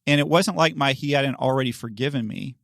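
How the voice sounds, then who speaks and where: A man's voice: mid-range voice, brisk, a bit bright, no echo, clean studio sound. A middle-aged man, a pastor, telling a story on a church podcast in a chatty way, laughing often and acting out the people he quotes.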